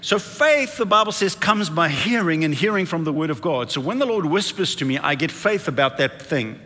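An impassioned male preacher whose high, bright voice swings widely as he builds each point. He drives the congregation to repeat lines back to him. His words ring out with a long reverb in a large church hall. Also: animated, normal speed. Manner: impassioned, dramatic build-ups with congregation call-and-response. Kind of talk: sermon.

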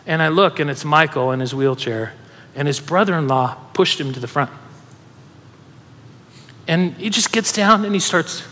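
Emotional pastor in a reverberant hall. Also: male voice, fairly high pitch, moderate pace, pauses often. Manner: animated, laughing, emotional storyteller. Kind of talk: sermon storytelling. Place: church hall with audience.

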